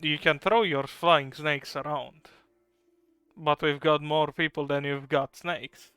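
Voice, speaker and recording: A man plays his character in a tabletop game with dry, sarcastic remarks. His voice sits a bit high and bright, and he speaks slowly. Faint music runs underneath. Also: fairly even intonation, clean tone, no room sound. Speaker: player. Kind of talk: casual tabletop role-play.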